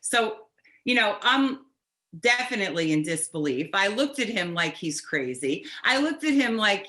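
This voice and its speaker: A middle-aged woman from New Jersey tells a personal story as a patient, halting and restarting, wry and animated. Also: a little high. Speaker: patient telling her story.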